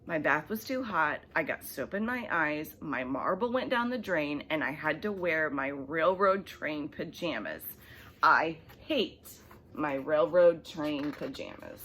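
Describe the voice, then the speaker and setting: A woman reads a bedtime story aloud in a lower voice that swoops up and down with animated expression. She drops into soft, hushed asides. Faint background noise sits under the recording. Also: measured pace, hardly any pauses.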